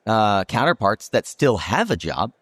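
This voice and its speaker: A man's voice: lowish voice, very animated, a little slow, no room sound, clean studio sound. A man hosting a roundtable talk at a trade show, reflective and thinking aloud with many fillers. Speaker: podcast host. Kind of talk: roundtable discussion.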